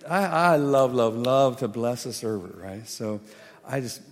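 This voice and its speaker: A preacher telling a funny story in an animated, humorous way. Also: male voice, mid-range voice, measured pace. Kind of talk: sermon storytelling. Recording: long hall reverb.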